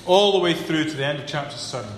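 A man preaching a sermon, building to emphatic peaks and then dropping low and earnest. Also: animated, fast talker. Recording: echoey hall with long reverb, faint room hum.

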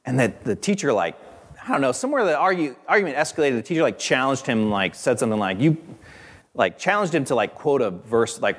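A man preaching a sermon, animated and conversational, with friendly asides to the congregation. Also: medium pitch, fast, slightly rough, long reverb tail. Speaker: pastor.

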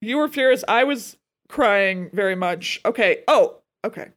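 A woman's voice: mid-range voice, animated, measured pace. A young woman co-hosting a podcast in casual chat, talkative and swearing, with lots of "like" fillers. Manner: chatty, swearing, many "like" fillers. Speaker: podcast co-host.

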